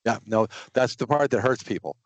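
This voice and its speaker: A middle-aged man leading a casual online training session, talking through number examples in a relaxed way over a video call. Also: medium pitch, a little fast, dry recording, dull audio. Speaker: software trainer.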